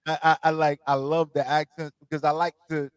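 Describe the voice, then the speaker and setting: A man from New York hosts a relaxed radio chat with a slightly high voice. He laughs often and repeats himself as he thinks aloud. The sound is close and dry. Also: brisk, smooth, no echo. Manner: loose, laughing, repeats words. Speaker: radio show host. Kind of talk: casual interview chat.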